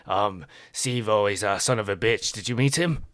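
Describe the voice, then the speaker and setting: A man's voice: lowish voice, normal speed, fairly bright tone, natural voice. A man voicing a boisterous middle-aged male baker with a French accent, effusive and fatherly.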